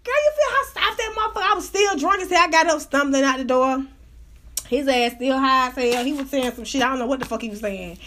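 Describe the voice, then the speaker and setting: A woman with a high, bright voice telling a casual story on her show. She is profane, loose and animated, full of slang. She laughs easily along the way. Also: quick pace, slight background noise. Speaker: podcast host telling a story.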